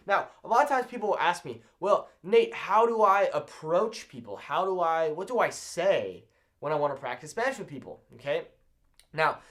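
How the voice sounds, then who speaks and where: A young man from Southern California teaching to camera in a casual, upbeat way, often checking in with "okay?". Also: medium pitch. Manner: upbeat, ends points with "okay?". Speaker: language learning YouTuber.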